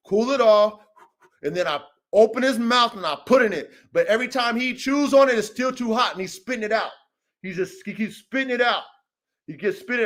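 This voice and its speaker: A man hosting a livestream podcast, talking in a slangy, confrontational way, with low mutters and loud emphatic bursts. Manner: confrontational, slangy, repeats a taunting catchphrase. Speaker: podcast host, dog breeder.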